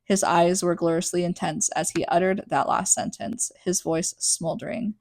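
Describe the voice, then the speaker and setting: A woman's voice: lowish voice, fairly even intonation, moderate pace, creaky, darkish tone, dry recording. A young adult woman hosting a podcast, recapping a book in a chatty, sarcastic way full of "like". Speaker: podcast host.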